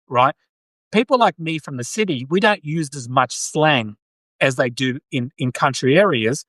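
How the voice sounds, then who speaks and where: An Australian man from Sydney hosts a loose live-stream chat, a little higher-pitched than most men. His speech rambles and restarts as he reads out viewer comments. The sound is close and dry. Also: animated, moderate pace, fairly bright tone, dry recording. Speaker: podcast host.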